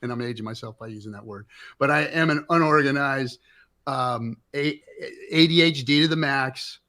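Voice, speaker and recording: A man's voice: medium pitch, normal speed, sharp tone. A middle-aged man hosting a livestream, ranting with fired-up, profane emphasis. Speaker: host. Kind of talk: impassioned livestream rant.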